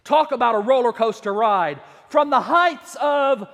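A man's voice: extremely high pitch, lively intonation, a little slow, creaky, hardly any pauses, fairly bright tone. A man preaching a sermon, telling the story with dramatic swings and acting out the quotes. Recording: long hall reverb.

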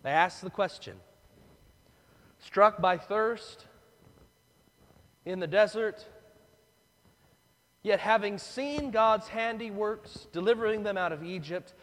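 A man's voice: high-pitched, takes it slowly, long pauses, a bit bright. A man preaching a sermon, telling the story dramatically and acting out the voices of the people. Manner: dramatic, acts out voices of the crowd. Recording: long reverb of a large hall.

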